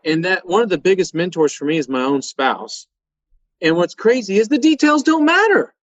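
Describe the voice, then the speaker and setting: A man's voice: high voice, normal speed, dry recording. Folksy man, muffled dry sound. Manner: animated, folksy, laughs while telling stories. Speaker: guest, auto repair shop owner. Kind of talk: conversational interview storytelling.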